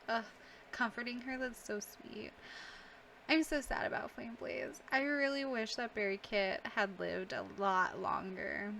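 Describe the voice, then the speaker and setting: A woman's voice: a little high, normal speed, fairly bright tone, a little hiss or hum. A young woman giving casual, emotional let's-play commentary on a game, gasping, sighing and laughing as she reacts. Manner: emotional, reacting aloud with gasps, sighs and laughs. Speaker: gaming YouTuber.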